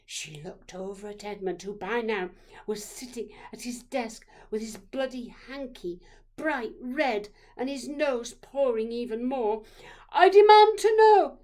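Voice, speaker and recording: A woman narrating a childhood memoir story, expressive and dropping to dramatic whispers. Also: fairly high pitch, a little slow.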